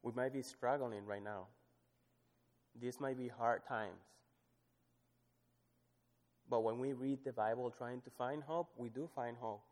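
A man's voice: medium pitch, fairly even intonation, takes it slowly, long pauses. Man preaching in a reverberant hall. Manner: swings from loud emphatic scripture reading to soft, hushed asides. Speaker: pastor. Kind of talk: sermon.

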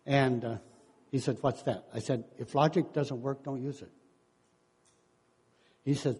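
In a long, reverberant hall, a preacher and counselor in his sixties gives a sermon at normal speed with long pauses. His voice is mid-range and slightly rough. He tells stories, voices what others said, and chuckles often.

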